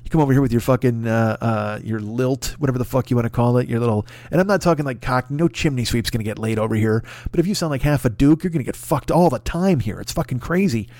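Dude ranting on a comedy podcast, swears a ton, rambles, dry close sound. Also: male voice, mid-range voice, fast talker, hardly any pauses, darkish tone, no echo. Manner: profane, rambling, riffing. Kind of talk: comedic rant.

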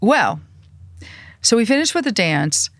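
An older woman in a podcast interview, telling industry stories in a lively way and acting out what others said. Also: on the high side, unhurried, no room sound, studio quality. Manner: animated anecdotes, acts out quoted voices. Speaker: music industry publicist and manager, guest. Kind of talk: storytelling interview.

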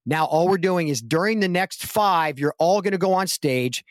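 A man's voice: sits high, moderate pace, dry recording, clean studio sound. A man telling a long anecdote in a casual podcast interview, acting out quoted lines with a lifted voice. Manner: animated anecdote-telling, acts out quotes in raised voice. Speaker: guest actor.

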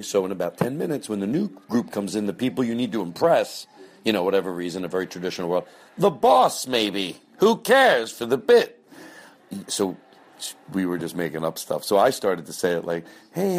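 A man's voice: on the low side, a little fast, a little mellow, husky. A man hosting a podcast in casual, rambling chat, often breaking off mid-thought and swearing offhandedly. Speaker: podcast host.

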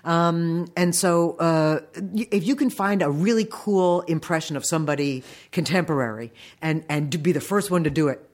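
An animation voice director in their fifties giving practical career advice in an interview, brisk and emphatic. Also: medium pitch, darkish tone.

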